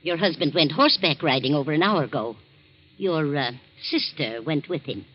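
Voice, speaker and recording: An actress playing a concerned middle-aged housekeeper, speaking in a calm, soothing and slightly hesitant way in a 1940s radio drama. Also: female voice, low-pitched, normal speed. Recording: dull old radio recording.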